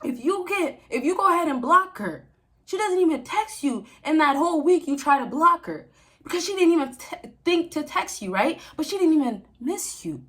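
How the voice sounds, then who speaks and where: A woman's voice: sits high, animated, moderate pace, fairly bright tone. A young woman giving relationship advice to men in a casual, preachy vlog, repeating herself for emphasis and laughing often. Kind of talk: casual direct-to-camera advice talk.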